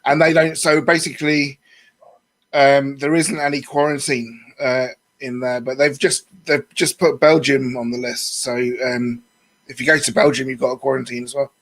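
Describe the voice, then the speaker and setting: A man's voice: mid-range voice, level tone, normal speed, fairly bright tone. A man chatting over a video call on his phone, rambling with lots of fillers. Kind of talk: casual video call chat.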